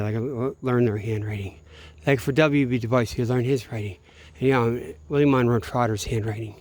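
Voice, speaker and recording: A man thinking out loud on a night walk outdoors, swearing often and stopping to grope for names as he meanders from one point to the next. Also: medium pitch, a little hiss or hum. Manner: profane, meandering, searching aloud for names. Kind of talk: rambling late-night monologue.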